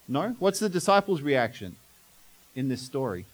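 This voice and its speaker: A man's voice: mid-range voice, sing-song, moderate pace, low-quality recording. A man preaching a sermon as pastor, telling the story dramatically and asking the congregation questions.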